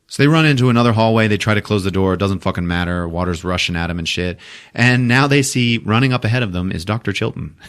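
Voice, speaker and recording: A man hosting a podcast, retelling a movie in a profane, animated way. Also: fairly low pitch, clear, resonant tone. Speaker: podcast host. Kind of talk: casual movie recap. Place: podcast studio.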